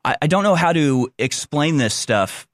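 A man's voice: fairly high pitch, lively intonation, moderate pace, dry recording. A man giving blunt, combative opinion commentary on a clip he is playing, insulting those he disagrees with.

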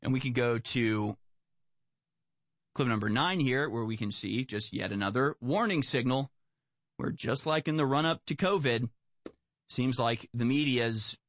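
Male commentator, sarcastic and animated, dry close-mic sound. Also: mid-range voice, no echo. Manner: sarcastic, animated, spins mocking hypotheticals. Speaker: political commentator. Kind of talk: solo political commentary, reading news aloud.

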